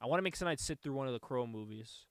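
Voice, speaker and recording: A man hosting a casual comic-book podcast, telling excited, profane stories and laughing often. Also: mid-range voice, racing, no echo. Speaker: podcast host. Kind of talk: casual chat.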